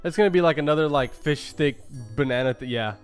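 A man hosting a reaction video, talking casually and excitedly, firing off quick exclamations and calling everyone "bro". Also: a little high, smooth, soft background music.

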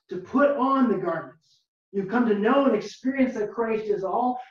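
A pastor preaching a sermon slowly and emphatically, repeating key words and asking the listeners rhetorical questions. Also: medium pitch, a little mellow. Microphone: video call, far from the mic. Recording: very echoey, distant, dull lo-fi video call audio.

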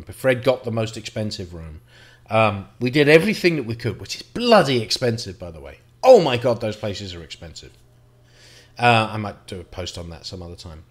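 Reflective man telling a hard story. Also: fairly low pitch. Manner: reflective, halting, with frequent restarts and mild swearing. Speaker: vlogger. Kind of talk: personal storytelling to camera.

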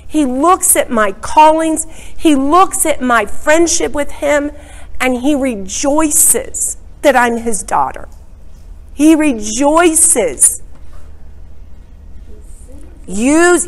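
High-voiced woman teaching a Bible lesson. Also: low-quality recording. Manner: dramatic storytelling, emphatic.

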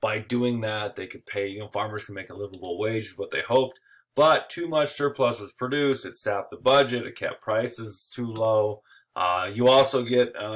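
Casual low-voiced male history teacher. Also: a bit bright. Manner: casual, joking, with chuckles and filler words. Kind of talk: informal recorded lecture.

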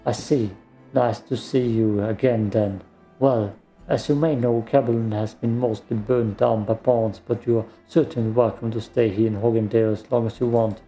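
A man's voice: fairly low pitch, fairly even intonation, moderate pace, mellow, faint music behind, close to an everyday voice. A man voicing a woman who leads a mystic order, speaking formally and evenly.

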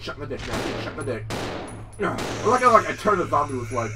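A man giving casual let's-play commentary, excitable, swearing often and talking to the game characters. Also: a little high, moderate pace, recorded from a distance, background noise. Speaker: gameplay commentator.

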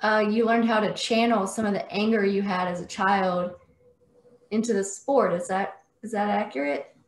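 A woman hosting a radio interview, asking gentle, affirming questions. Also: mid-range voice, fairly even intonation, moderate pace. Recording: roomy echo.

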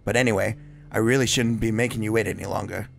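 A man reading game dialogue aloud as an eerie, self-aware teenage girl who is the club president, in a soft, low, creepy voice. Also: fairly even intonation, quick pace, creaky. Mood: creepily intimate.

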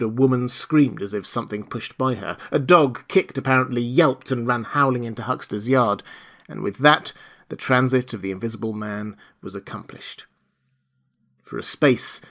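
Expressive male audiobook narrator. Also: medium pitch. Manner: dramatic, expressive storytelling. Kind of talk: scripted narration.

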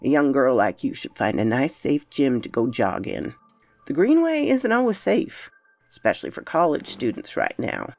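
Woman putting on a thick-drawled southern pawn shop guy, blunt and folksy, gravelly edge, jumps around a lot. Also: on the low side, big pitch swings, moderate pace, no room sound, faint music behind, full character voice. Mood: concerned. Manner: blunt, folksy, drops to a hushed warning. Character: wary middle-aged Southern male pawn shop clerk.

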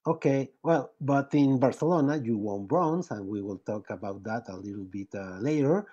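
A man who is not a native English speaker hosts an interview, speaking haltingly, repeating words and reading out viewer messages over a video call. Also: mid-range voice, lively intonation, mellow, husky, lo-fi sound. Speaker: podcast host. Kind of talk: interview hosting.

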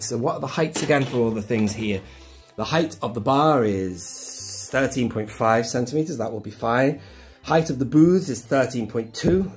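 An excitable, enthusiastic British man chatting casually in a home vlog, filmed indoors on a handheld camera with a gimbal. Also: medium pitch. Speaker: toy collector vlogger. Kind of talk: casual show-and-tell vlog.

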